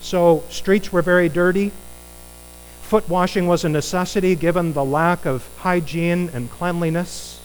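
A male preacher delivering a conversational sermon in a voice pitched a little above the usual for a man. He talks in an animated way and keeps turning to his listeners with rhetorical questions, with a faint hum underneath. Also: a little slow, low-quality recording.

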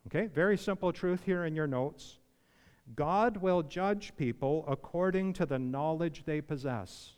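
A man's voice: on the high side, a little slow, a little mellow, clean tone. A man preaching a sermon, conversational and then emphatic, asking his listeners questions. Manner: conversational, rising to emphatic pleading when voicing others. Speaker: pastor. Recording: long hall reverb.

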